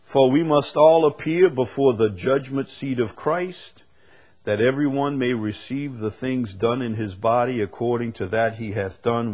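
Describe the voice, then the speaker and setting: A man preaching a sermon, reading scripture slowly and building to sudden emphatic rises on key words. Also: medium pitch. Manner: slow deliberate delivery with sudden emphatic rises; reads scripture aloud in slow stretched phrases.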